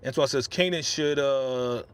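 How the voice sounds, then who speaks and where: A man's voice: medium pitch, measured pace, smooth. A middle-aged man hosting a casual live-stream reaction, ranting with feeling and reading out viewer comments on a podcast microphone. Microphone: podcast studio microphone.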